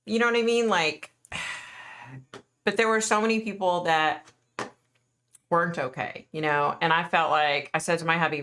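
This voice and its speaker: Middle-aged woman, livestream host, earnest and chatty, lowish pitch with a bright tone. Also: steady tone, measured pace, long pauses. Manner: chatty, earnest, reads and answers viewer comments. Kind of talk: casual livestream chat with viewers.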